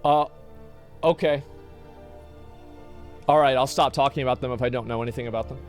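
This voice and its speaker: A man's voice: medium pitch, steady tone, brisk, faint music behind. A man streaming casually, reacting to a video with exasperated rants and many restarts. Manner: exasperated, ranting, lots of restarts.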